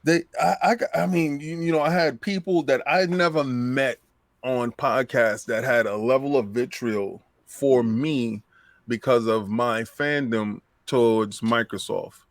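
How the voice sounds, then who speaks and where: A man co-hosting a gaming podcast who tells stories in an animated, emphatic way. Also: mid-range voice, a little slow, no echo, clean studio sound. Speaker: podcast co-host. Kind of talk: casual podcast chat.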